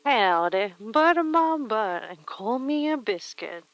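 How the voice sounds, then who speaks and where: A woman's voice: fairly low pitch, moderate pace, no room sound, faint music behind, close to an everyday voice, rough recording. A woman putting on a folksy cowboy voice, drawling homespun sayings.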